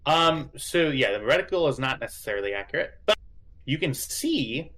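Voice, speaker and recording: A man running a tabletop game as game master, halting and full of fillers as he explains. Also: on the high side, very animated, fairly bright tone, poor audio. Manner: halting, lots of fillers and restarts.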